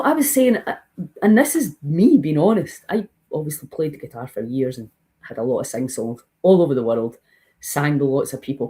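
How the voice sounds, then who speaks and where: An older woman talks straight to her audience in a casual vlog. Her voice sits low and mellow, and she speaks bluntly. She gets animated and climbs high in pitch when she gets excited. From Scotland. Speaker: breathwork retreat leader. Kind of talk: casual direct-to-camera vlog.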